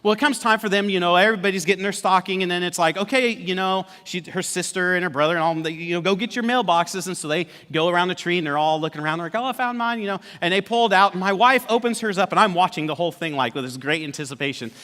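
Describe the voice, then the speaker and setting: A man's voice: high-pitched, fast talker, few pauses. A pastor in his forties telling a humorous family story in a sermon, acting out the people in it with dry sarcasm. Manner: animated storyteller, acts out quoted family members, dry sarcasm. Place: church auditorium. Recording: long church hall reverb.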